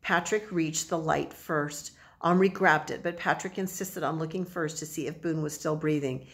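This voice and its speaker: A woman narrating a children's audiobook in a measured, expressive storytelling manner. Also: sits low.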